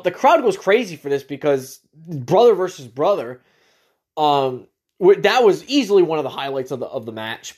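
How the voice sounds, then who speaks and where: A man with a slightly higher than usual voice hosts his own podcast. He talks as an excited fan, rambling, restarting and filling gaps with ums as he recaps the matches. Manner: rambling, enthusiastic fan talk with many fillers. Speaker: podcast host. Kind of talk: casual wrestling recap.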